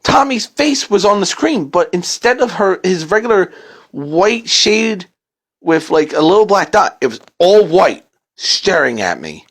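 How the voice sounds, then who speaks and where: A man's voice: high-pitched, big pitch swings, a little slow, a bit bright. A man telling a first-person creepypasta horror story in a casual, profane, dramatic way.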